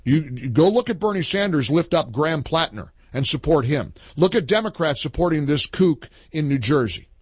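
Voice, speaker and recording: Talk radio guy, kinda high voice, dry studio mic, emphatic, takes callers. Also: lively intonation, moderate pace, few pauses, slightly rough, no echo. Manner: emphatic, reads a listener's post aloud with punch.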